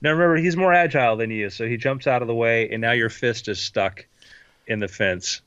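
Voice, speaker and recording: A man running a tabletop game as game master, narrating with lively sound effects, on a dull lo-fi recording. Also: medium pitch, brisk, clean tone, no room sound.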